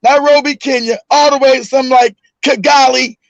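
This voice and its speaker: Animated high-voiced man telling a story. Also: normal speed, creaky, dry recording, dull audio. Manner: animated, laughing often, swearing, raises his voice for punchlines. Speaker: host. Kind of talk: casual storytelling.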